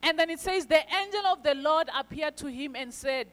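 A woman's voice: high-pitched, normal speed, fairly bright tone. A woman preaching a sermon in a church, telling stories with fillers and rhetorical questions. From South Africa. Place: church hall. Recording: church service recording with reverb and faint music.

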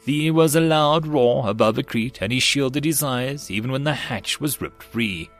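Male audiobook narrator, steady even read, mid-pitched, faint music under him. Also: moderate pace.

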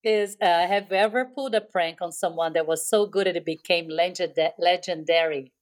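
A woman's voice: on the low side, fairly even intonation, a little fast. A woman and mother co-hosting a podcast, chatting casually, reacting to stories and laughing along. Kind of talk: casual chat.

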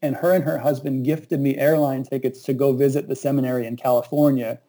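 Dark-voiced man telling his calling story. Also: medium pitch, brisk, poor audio. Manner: earnest, reflective, with animated quoted asides. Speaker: pastor. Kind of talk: conversational storytelling.

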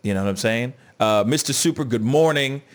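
A man's voice: mid-range voice, brisk. A man hosting a casual live news show, joking around and greeting viewers by name as he reads the chat. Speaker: show host.

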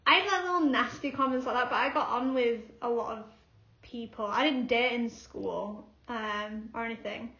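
Young woman, co-host, high voice, animated storyteller, echoey dull recording. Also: moderate pace. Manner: animated storytelling, laughs often. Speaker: podcast co-host. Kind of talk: casual chat. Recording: echoey room, slightly dull sound.

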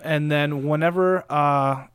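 A man's voice: on the high side, steady tone, takes it slowly, a bit bright, clean tone, no echo. A man co-hosting a casual card-game chat, dry and a little reluctant as he explains card rules. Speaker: podcast co-host.

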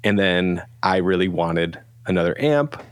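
A man's voice: low voice, lively intonation, a little slow, smooth, no room sound. A middle-aged man, a guest, telling a rambling casual story and acting out quoted lines. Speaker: guest, pedal company founder.

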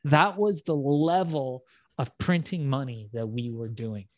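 A man's voice: medium pitch, a little slow, darkish tone, no room sound. A man hosting a casual talk, telling stories in a brash, profane way. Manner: brash storytelling, heavy swearing. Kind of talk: casual conversation.

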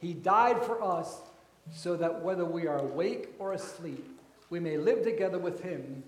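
A man preaching a sermon as pastor, slow and deliberate, his voice rising for emphasis and then dropping soft. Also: high-pitched, lively intonation, echoey room.

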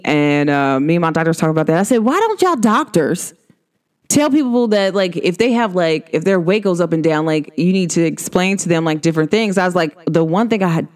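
A woman's voice: lowish voice, darkish tone. A woman in her thirties hosting her own vlog, chatting casually, playful and laughing often. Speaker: vlog host.

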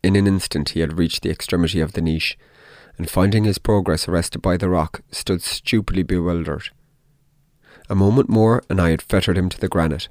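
A man narrating a dark tale in the first person, in a measured, deliberate audiobook reading. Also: sits low, fairly even intonation, no room sound, studio quality.

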